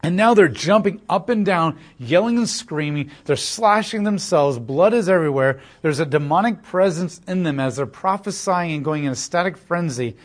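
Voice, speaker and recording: A man preaching an expository sermon, retelling the story with animated, sarcastic asides and rhetorical questions. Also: on the high side, moderate pace, few pauses. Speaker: pastor.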